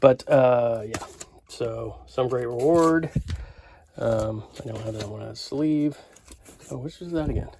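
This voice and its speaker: Man, fifties, from Canada, casual vlog, rambling, enthusiastic, mid-pitched. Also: a little slow, darkish tone, slight background noise. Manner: rambling, enthusiastic, many fillers. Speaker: record collector vlogger.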